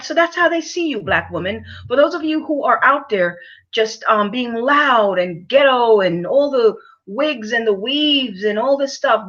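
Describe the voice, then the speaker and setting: Halting, lecturing woman vlogger, lo-fi sound. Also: on the high side, fairly bright tone. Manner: halting, many fillers and repeated words; emphatic, lecturing the audience. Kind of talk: opinion commentary to camera.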